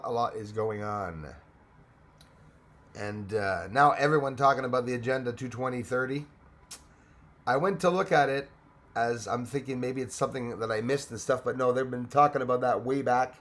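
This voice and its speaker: A man's voice: medium pitch, fairly bright tone. A middle-aged man from Canada hosting a casual live stream, greeting viewers by name and sometimes switching into French.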